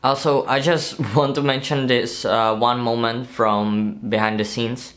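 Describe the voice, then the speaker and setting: A man's voice: medium pitch, fairly even intonation, a little slow, a bit bright. A man narrating a movie breakdown video in a casual, chatty way, often asking viewers to comment and laughing at his own slips.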